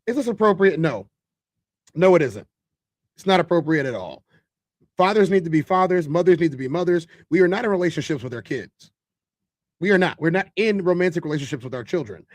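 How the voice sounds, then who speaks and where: A man's voice: a little high, expressive, fairly quick, no echo. A man hosting a livestream who reads viewer chat aloud and then lays out firm opinions on family roles. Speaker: livestream host. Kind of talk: casual livestream commentary.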